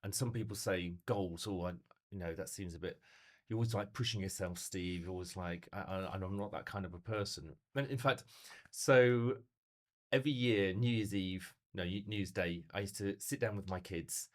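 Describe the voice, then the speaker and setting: Rhetorical questions pepper the storytelling of a middle-aged motivational speaker in an easygoing podcast conversation. His voice sits low, his pace is normal, and his manner is animated.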